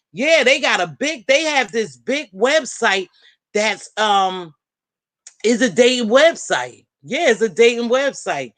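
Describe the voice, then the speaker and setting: Animated woman gossiping on a live chat. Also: high-pitched, no echo. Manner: animated, talks straight to viewers and friends by name. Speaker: panel host.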